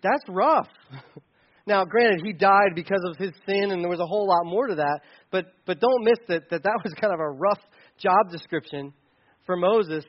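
A man with a fairly high voice preaches in a loose, conversational style, slipping into playful asides along the way. The recording sounds a little dull and lo-fi. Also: moderate pace. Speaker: pastor. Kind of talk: sermon.

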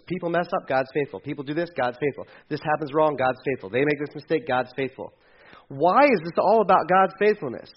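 A man preaching a conversational sermon, swinging from loud emphasis to hushed, quiet passages. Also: medium pitch, slightly rough, lo-fi sound. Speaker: pastor.

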